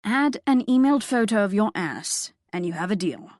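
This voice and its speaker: A woman voicing a cantankerous forty-one-year-old posh British husband who coaxes his wife in a soft, beseeching voice. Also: mid-range voice, animated, moderate pace, no room sound, clean studio sound, natural voice. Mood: teasing. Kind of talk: audiobook character voice.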